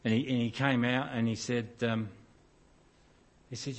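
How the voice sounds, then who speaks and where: A man's voice: medium pitch, flat delivery, unhurried. A middle-aged man preaching a sermon in an informal, self-deprecating storytelling way, often restarting his sentences.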